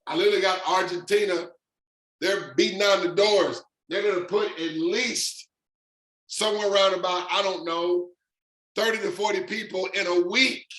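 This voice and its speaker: Man, high-pitched, excited emphatic pitch, echoey room. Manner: fired-up, emphatic, drawn-out stresses. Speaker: presenter of an online income demonstration.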